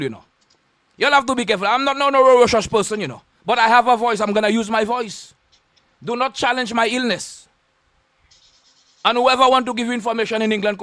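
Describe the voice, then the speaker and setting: A man's voice: sits high, pushed and bright, no room sound. A man with a Saint Lucian accent, a radio host delivering a confrontational on-air rant full of insults and repeated warnings.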